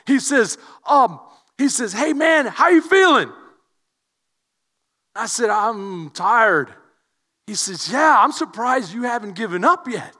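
A man from Houston preaching a sermon, telling a story that swings from quiet asides to shouted emphasis. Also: extremely high pitch, big pitch swings, takes it slowly, long reverb tail. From Houston, Texas. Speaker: pastor.

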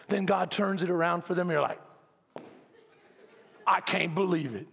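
A male pastor preaching a sermon, dramatic, swinging from hushed asides to shouted lines. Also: high-pitched, unhurried, gravelly, pauses often, slightly rough, in a large hall.

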